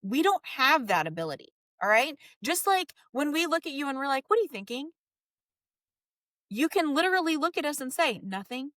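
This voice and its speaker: A woman's voice: high voice, lively intonation, fairly quick, hardly any pauses, a bit bright, no echo. A woman marriage coach giving direct, emphatic advice to husbands in a podcast monologue.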